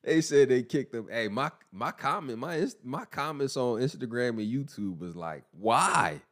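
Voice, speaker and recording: A man hosting a casual boxing commentary podcast, animated and mocking, who laughs often. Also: medium pitch, moderate pace. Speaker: podcast host.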